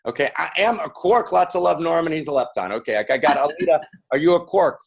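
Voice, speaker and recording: A man's voice: on the high side, animated, fast talker, vocal fry. A man giving a playful, interactive talk to a live audience, calling out to them and repeating lines. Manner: playful, repetitive, calling out to the crowd. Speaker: speaker.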